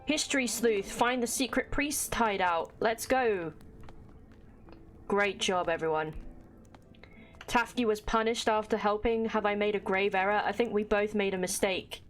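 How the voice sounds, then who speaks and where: Faint music plays behind this woman as she streams a game live. Her voice is medium-pitched and her pace measured as she chats casually with viewers and reads the game's text out loud.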